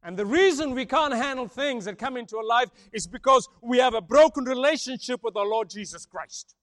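A man over fifty from Africa preaching a sermon, booming on key points, then dropping low and soft, and repeating his phrases. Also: lively intonation, fairly quick. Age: older, over fifty. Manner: swings between booming emphasis and hushed softness, repeats key phrases.

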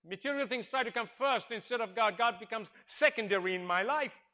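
A male preacher retelling a story in a sermon, acting out the characters and asking the congregation questions, swinging from hushed tones to loud exclamations. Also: extremely high pitch, fairly quick. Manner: dramatic, swings from hushed to shouting, acts out characters.

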